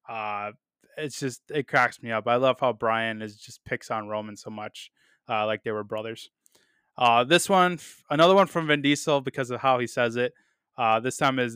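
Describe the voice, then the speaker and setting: Podcast guy rambling happily about a movie, bright clear voice, dry close mic, lots of uh and um. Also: medium pitch, moderate pace, dry recording. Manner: enthusiastic, lots of fillers and repeats, trails off quietly. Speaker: podcast host reviewing films. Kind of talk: casual solo podcast commentary.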